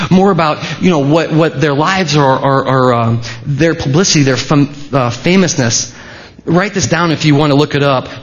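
A man preaching a sermon as a pastor, in a conversational way with restarts and asides. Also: a little high. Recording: dull, lo-fi sermon recording.

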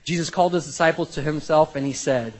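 A man preaching a sermon in a conversational, animated way, with sudden jumps in pitch and loudness. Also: fast, low-quality recording. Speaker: pastor.

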